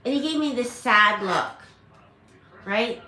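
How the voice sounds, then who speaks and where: A woman's voice: on the high side, expressive, slow, pushed and bright. A middle-aged woman hosting a parrot rescue channel, telling a story at home in a dramatic, emotional, rambling way with many restarts. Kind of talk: casual storytelling to camera. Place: at home, indoors. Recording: echoey room.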